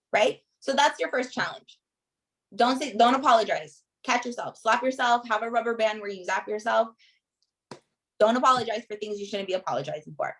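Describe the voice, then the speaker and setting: Woman coach, kinda high voice, pushy encouraging talk, keeps saying right?. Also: a little fast, fairly bright tone, low-quality recording. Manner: emphatic, ends nearly every point with "right?". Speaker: life coach hosting a group session.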